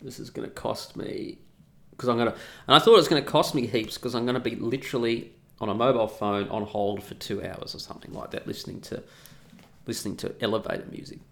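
A man's voice: medium pitch, fairly even intonation, fast talker, a bit bright. A man in an opinionated, casual ranting monologue who swears freely.

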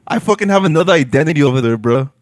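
A young man with a high voice tells stories among friends in a laid-back, slangy way, laughing often and sliding between English and Spanish. The sound is close and dry, with no room around it. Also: lively intonation, racing, no room sound. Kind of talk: casual chat among friends.

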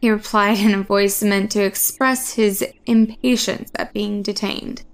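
A woman's voice: mid-range voice, steady tone, a little slow, few pauses. Woman reading a suspenseful horror story. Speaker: narrator. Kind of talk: scripted narration of a horror story.

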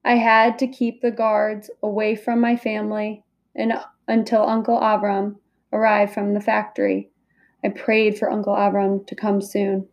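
A woman reading a first-person storybook aloud in a slow, careful way. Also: mid-range voice, monotone, a little mellow. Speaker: audiobook reader.

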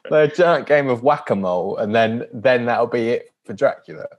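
A man's voice: mid-range voice, moderate pace, muffled recording. A man co-hosting a casual podcast about films, joking and acting out lines in character. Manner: joking, acts out quotes in character. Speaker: podcast co-host. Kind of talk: casual film discussion.

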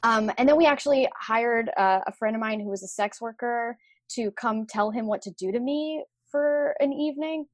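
A young adult woman telling a candid personal story, animated and frank, laughing and swearing as she goes. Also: a little high, moderate pace, dry recording.

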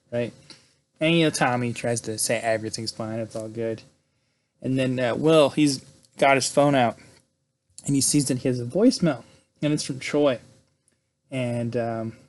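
A man in casual conversation, recounting a story in a loose, chatty way. He swears freely and keeps checking in with "right?". His voice sits at an ordinary middle pitch. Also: normal speed. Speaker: podcast host recapping a film. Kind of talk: casual retelling.

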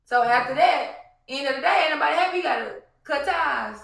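A woman's voice: high voice, a little fast, vocal fry, roomy sound. A woman co-hosting a podcast, talking bluntly and profanely in casual chat. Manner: blunt, profane, animated storytelling. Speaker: podcast co-host.

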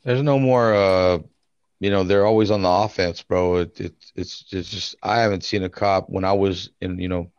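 Man, low voice, laid-back slang, casual chat, dull audio. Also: fairly even intonation, moderate pace, a little mellow, clean tone, no echo. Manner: laid-back slang, says bro often.

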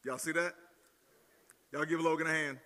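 A man's voice: fairly high pitch, normal speed, noisy background. A male pastor with a Southern accent, preaching playfully and teasing the crowd during an audience demo. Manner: jokey, teasing, energetic with crowd. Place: large hall at student gathering. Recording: long hall reverb.

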